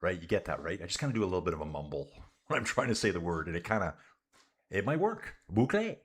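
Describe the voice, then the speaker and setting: Chatty low-voiced man calling a bike race. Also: animated, fast talker, a bit bright. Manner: casual and chatty, addresses viewers as guys and dude. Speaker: livestream cycling commentator. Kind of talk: live race commentary and chat reading.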